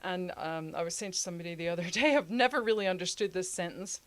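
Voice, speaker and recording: Woman co-host, lowish voice, loose chatty delivery with fillers and laughing asides. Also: fast, dry recording. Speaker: podcast co-host. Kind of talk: casual history podcast chat.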